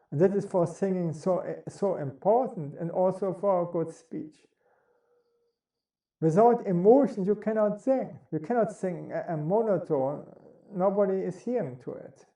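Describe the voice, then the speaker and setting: A man giving a spoken lesson on how to use the voice, in deliberate, non-native English and demonstrating sounds as he goes. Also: fairly high pitch, dark tone. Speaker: voice and speaking coach. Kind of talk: instructional talk on speaking. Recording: roomy echo.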